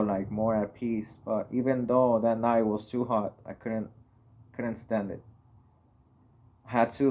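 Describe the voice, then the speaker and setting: A young man from Mexico casually shares a personal story on his vlog in a fairly low, darkish voice. He rambles, leaning heavily on fillers like "you know" and "like."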